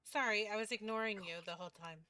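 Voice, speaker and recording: A woman's voice: mid-range voice, fast, bright, forceful tone, no room sound. A woman playing a tabletop game, narrating her character in an offhand, amused way. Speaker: player.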